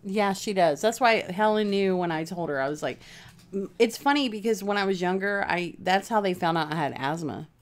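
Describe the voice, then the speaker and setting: A woman's voice: medium pitch, fairly quick. A woman hosting a casual crafting livestream from home, rambling chattily and answering viewers' comments by name.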